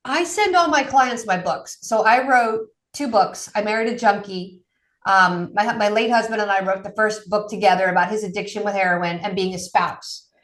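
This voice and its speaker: A woman, a guest addiction coach, telling stories in a casual interview and acting out the people she quotes. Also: moderate pace. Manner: lively, acts out quotes with raised pitch. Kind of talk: animated storytelling in casual interview.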